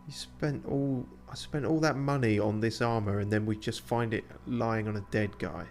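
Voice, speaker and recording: Soft music plays behind a man with a fairly low, steady voice talking at normal speed as he streams a game. The casual commentary is loaded with profanity and self-mockery.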